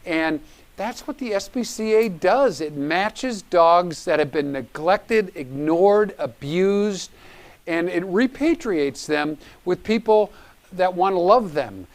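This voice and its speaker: Upbeat male charity auction host with a smooth voice, pushing for bids. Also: sits high, animated, takes it slowly. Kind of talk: live charity auction hosting.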